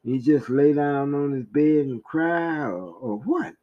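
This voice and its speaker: A man's voice: medium pitch, lively intonation, slow pace, dull audio. A man hosting a reflective monologue, asking rhetorical questions as he tells a story. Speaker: podcast host.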